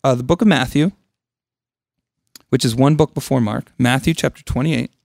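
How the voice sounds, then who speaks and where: Male Bible study teacher, chatty and joking, medium pitch, dry close sound. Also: moderate pace, vocal fry, darkish tone, no echo. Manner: conversational, joking asides, questions to the group.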